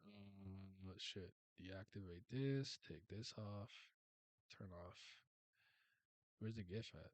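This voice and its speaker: A man giving casual reaction commentary as a video host, excitable and often laughing and swearing. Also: sits low, slow, dry recording.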